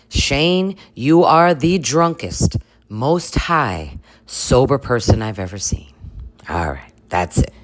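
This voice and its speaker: A woman giving comedic reaction commentary on a reality show, chatty, with crude jokes and frequent laughs. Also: extremely low pitch. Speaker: commentary vlogger.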